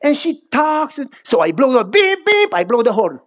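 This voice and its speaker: A middle-aged man preaching a sermon, telling personal stories in an animated way with big pitch swings and repeated phrases. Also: normal speed. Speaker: pastor.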